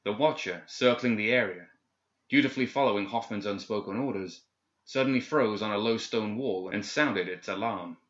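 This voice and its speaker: A man reading a story aloud in steady, measured audiobook narration. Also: on the low side. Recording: echoey, slightly dull recording.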